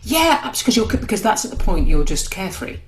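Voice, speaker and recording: A woman's voice: mid-range voice, big pitch swings, a little fast, crowd noise, poor audio. A middle-aged woman, hosting a conversation and reflecting thoughtfully on her own experience. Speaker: podcast host.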